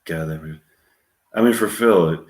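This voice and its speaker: A man's voice: low voice, moderate pace, darkish tone, roomy sound. A man casually reading movie-quote cards aloud and chatting with chuckling asides.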